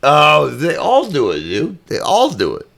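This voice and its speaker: A man's voice: on the high side, wildly swooping pitch, measured pace, gravelly, a bit bright. A man co-hosting a podcast in casual, profane chat, laughing often and rambling. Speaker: podcast co-host.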